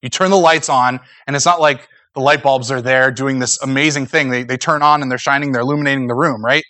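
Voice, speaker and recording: A man's voice: mid-range voice, fairly even intonation, fast, bright, forceful tone, no room sound. A man preaching a sermon in an earnest, conversational way, acting out little asides as he goes. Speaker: pastor.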